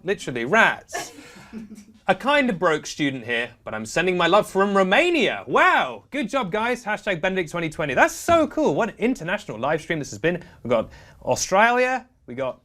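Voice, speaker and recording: A man's voice: high voice, fairly quick. A young man hosting a comedic charity live stream, playful and prone to laughing. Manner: playful, giggly, animated banter.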